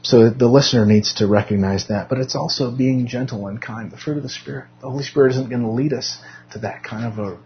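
A man's voice: mid-range voice, a little fast, muffled recording, a little hiss or hum. A young adult man teaching a Sunday school class in a chatty, self-deprecating way, often restarting his sentences. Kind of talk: casual church teaching. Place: church classroom.

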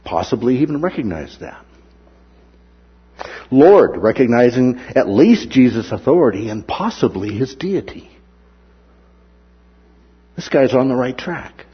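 A man's voice: mid-range voice, measured pace, pauses often, slightly rough, muffled recording. A man preaching a sermon who acts out the words of the people in the story. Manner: animated, acts out the characters' words.

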